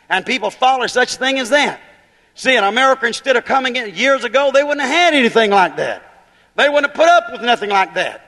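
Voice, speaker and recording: A man's voice: high-pitched, bright, forceful tone, in a large hall. A man preaching a fiery holiness sermon, building to emphatic bursts and firing rhetorical questions at the congregation.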